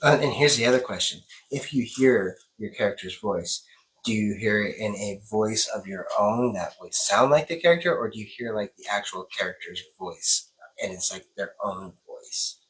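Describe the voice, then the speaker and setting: A young man chatting casually as a co-host, animated and thinking aloud with restarts. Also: lowish voice, moderate pace, rough recording. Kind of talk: casual chat.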